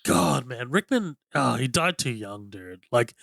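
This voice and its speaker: A man's voice: mid-range voice, expressive, unhurried, creaky, a bit bright, no echo. A man co-hosting a casual film-review podcast, rambling enthusiastically with lots of "like" and cheerful swearing. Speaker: podcast co-host.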